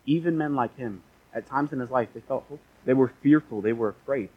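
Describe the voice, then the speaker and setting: A man preaching a sermon, telling a scripture story in casual modern words with lively restarts, and reading passages aloud. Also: mid-range voice, fast, breathy edge, phone-quality sound. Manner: reads scripture aloud in old-fashioned wording.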